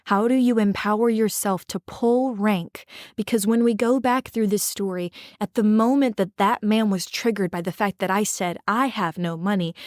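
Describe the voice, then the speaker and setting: A woman hosting a podcast, telling a personal story in an earnest, gentle way and guiding listeners through breathing and reflection. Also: medium pitch, no room sound, clean studio sound. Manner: gentle, earnest, with guided breathing prompts and frequent "right?". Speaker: podcast host and drama therapist.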